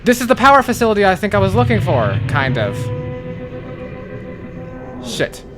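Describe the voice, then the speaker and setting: A gaming channel host with a high voice and big pitch swings gives blind playthrough commentary at a moderate pace, with music in the background. He's jumpy, swears, and keeps repeating panicked phrases.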